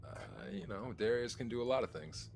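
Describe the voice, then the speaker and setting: A man playing a tabletop game, talking quietly and offhandedly. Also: lowish voice, lively intonation, normal speed. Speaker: player. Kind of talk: casual chat at a tabletop game.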